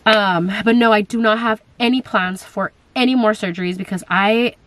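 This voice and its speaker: A woman's voice: mid-range voice, fairly even intonation, moderate pace, fairly bright tone, no room sound. A young woman in casual chat, answering viewer questions on her vlog, talking in a chatty way with lots of fillers and quoted asides.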